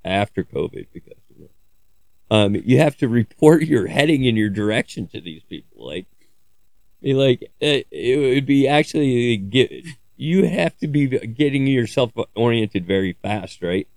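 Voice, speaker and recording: A man's voice: medium pitch, expressive, normal speed, vocal fry, a little mellow, no room sound. A man talking in a casual, rambling monologue, joking crudely and swearing freely as he digresses. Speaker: podcaster.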